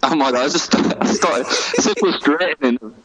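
A man's voice: a little high, animated, moderate pace, over a noisy crowd. A man who works as an event videographer, chatting casually and telling exasperated stories with frequent laughter. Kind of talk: casual chat. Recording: dull lo-fi call audio.

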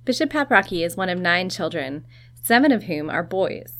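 A woman host reading scripted narration that introduces guests, with a smooth presenter delivery. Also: lowish voice, very animated, normal speed, a bit bright.

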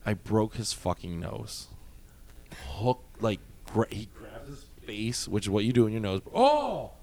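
A man telling a story in casual chat, animated and profane, often laughing. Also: on the low side, measured pace, gravelly.

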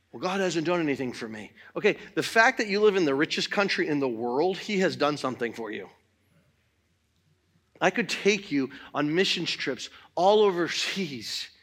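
Middle-aged man preaching in a church, voice real high and really bright, gets loud then drops down quiet. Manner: preaching with wide swings from loud exhortation to quiet talk. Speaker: pastor. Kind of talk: sermon.

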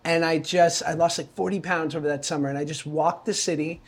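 A man's voice: a little high, fairly even intonation, a little fast. A man in his thirties, a podcast guest, speaking in a reflective, self-deprecating way. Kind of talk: casual chat.

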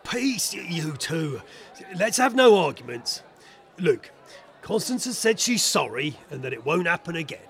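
Brief: actor as a sleuth, lively and gravelly in tone. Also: male voice, a little high, exaggerated voice. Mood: genial. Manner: brisk and authoritative. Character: commanding Victorian gentleman detective.

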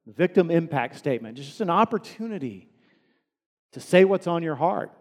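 A man preaching a sermon as pastor, earnest, climbing to emphatic peaks and dropping soft again. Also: on the high side, animated, moderate pace, in a large hall.

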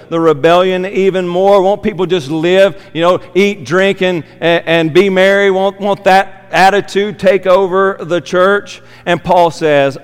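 Slow, emphatic preacher in a reverberant hall. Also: male voice, on the high side, clear, resonant tone. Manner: slow, emphatic, repeats key phrases. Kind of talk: expository sermon. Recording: long reverb of a church hall.

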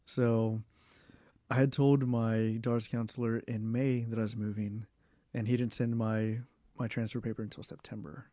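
A young man in a casual interview, talking in a rambling way with many fillers, restarts and throat clearing. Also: mid-range voice, little pitch movement, moderate pace, dark tone, no room sound, clean studio sound. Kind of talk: casual oral history interview.

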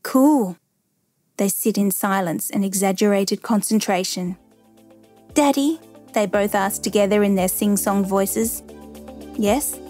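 A woman reading a first-person memoir aloud as narrator, measured and steady. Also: medium pitch, faint music behind.

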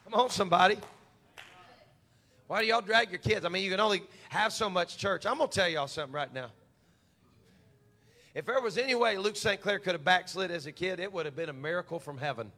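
A man's voice: sits high, a little fast, pauses often, bright, forceful tone. A man in his forties preaching a sermon as a humorous, folksy story. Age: 40s.

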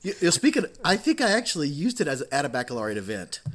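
A man's voice: on the high side, racing, crowd noise. A man who is a pastor, co-hosting a podcast, talking casually and laughing often as he tells stories. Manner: animated, laughs often, repeats words.

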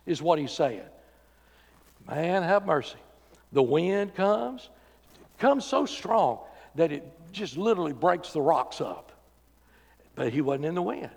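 A man preaching a sermon as pastor, swinging from loud emphatic calls to quiet, intimate talk. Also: on the high side, expressive, normal speed, creaky, pauses often. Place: church sanctuary. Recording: church sanctuary with long reverb.

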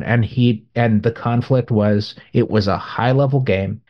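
A man co-hosting a podcast, telling a gaming story in casual chat and acting out the people in it. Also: medium pitch. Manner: animated storyteller, acts out quoted voices. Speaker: podcast co-host. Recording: dull lo-fi sound.

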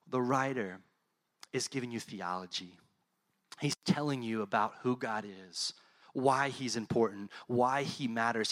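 A middle-aged pastor, preaching a sermon in a conversational, animated way and dropping to a soft, low voice for heartfelt points. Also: male voice, dry recording.

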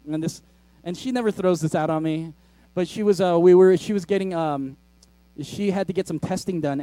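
A man's voice: high voice, dark tone, no room sound. A middle-aged male pastor preaching a sermon, conversational and self-deprecating as he tells stories.

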